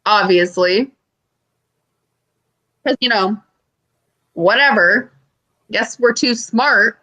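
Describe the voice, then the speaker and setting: A woman's voice: mid-range voice, very slow, pushed and bright. A woman co-hosting a podcast, telling stories animatedly with swearing and mimicked quotes. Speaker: podcast co-host. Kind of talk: casual chat.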